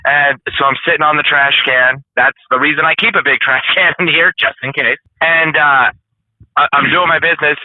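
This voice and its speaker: A man's voice: a little high, steady tone, normal speed, no echo, narrow, tinny audio. A man who drives trucks, a guest telling a funny story with lots of laughter. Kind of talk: casual storytelling.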